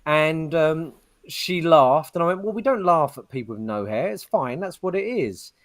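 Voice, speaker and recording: A man's voice: fairly high pitch, moderate pace. A man co-hosting a podcast, telling rambling stories in casual chat and acting out the lines he quotes. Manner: rambling storyteller, animated retelling of quotes. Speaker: podcast co-host.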